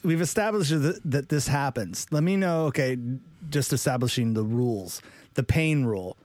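A man's voice: mid-range voice, lively intonation, normal speed, darkish tone, no room sound. A man co-hosting a podcast in casual chat, joking and often restarting his sentences. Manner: jokey, stammering restarts.

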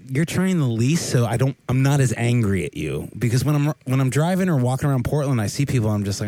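A man co-hosting a podcast, mid-pitched with a mellow, dark tone. He rants and gives opinions, filling his talk with "like" and restarts. The recording is dry and close-miked. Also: expressive, quick pace, no room sound. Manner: opinionated, ranting, lots of "like" and restarts. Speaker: podcast co-host. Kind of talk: casual chat.

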